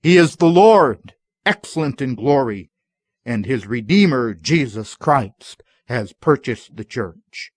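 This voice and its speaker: A man preaching a sermon in a slow, measured way that builds to emphatic climaxes. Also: medium pitch, lively intonation, husky, dry recording, studio quality. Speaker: pastor.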